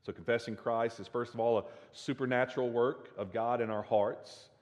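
A man's voice: medium pitch, steady tone, normal speed, a little mellow, big-room sound. A man with a Southern drawl preaching a sermon as pastor, earnest and building in force, with many restarts. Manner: earnest, repeats words when restarting, rises in force at climaxes.

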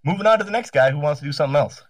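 A man's voice: a little high, lively intonation, very fast. A man runs a tabletop game, describing the scene in a rambling way and correcting himself as he goes. He is recorded from some distance from the mic, with a dry, close sound and no room echo. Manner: rambling, self-correcting, laughs often. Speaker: game master.

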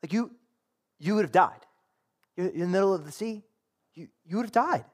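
A man's voice: high voice, animated, normal speed, darkish tone. A man preaching a sermon in a conversational way, acting out quotes and asking the congregation rhetorical questions. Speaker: pastor.

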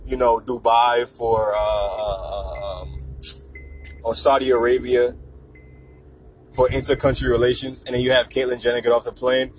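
A man's voice: medium pitch, little pitch movement, normal speed, long pauses, slight background noise, poor audio. A man in a casual, profane, joking rant who keeps slipping into mock voices. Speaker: vlogger.

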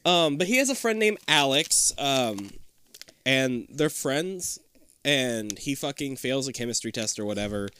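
A man's voice: medium pitch, lively intonation, a little slow, bright, forceful tone, slight background noise. A man co-hosting a podcast, recapping a show in casual chat, swearing often and laughing a lot. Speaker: podcast co-host.

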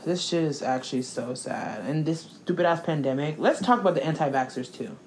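A woman's voice: deep voice, animated, brisk, slight background noise. A young woman talking in a blunt, profane, sarcastic casual chat as co-host.

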